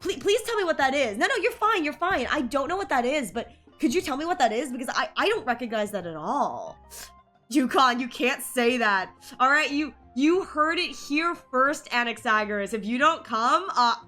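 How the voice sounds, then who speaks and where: A woman live-streaming, chatting casually and rambling excitedly over her game pulls, while sick. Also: sits high, normal speed, soft background music.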